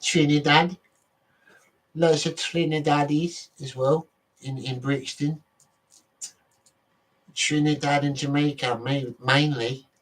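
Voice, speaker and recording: A man's voice: on the high side, steady tone, takes it slowly, pauses often, recorded from a distance, rough recording. A man from Britain vlogging in a casual, rambling monologue, often correcting himself and swearing offhandedly.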